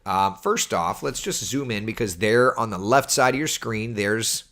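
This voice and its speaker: Lively, low-voiced weatherman chatting. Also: unhurried. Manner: chatty, animated, reads viewer comments aloud. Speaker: TV meteorologist. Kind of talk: casual livestream chat answering viewer questions.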